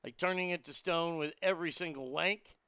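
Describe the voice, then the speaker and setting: A man's voice: a little high, brisk, bright, forceful tone, smooth, dry recording, studio quality. A man riffing crude, mocking jokes in a casual comedic monologue, chuckling at his own lines.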